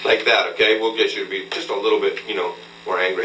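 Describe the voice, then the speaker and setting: A man's voice: lowish voice, fairly even intonation, fast, bright, forceful tone. Patient male vocal coach, distant roomy recording. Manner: patient, instructive, checks in with frequent "okay?". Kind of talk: hands-on voice lesson. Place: room with a mirror. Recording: roomy, distant, faint hum, old tape.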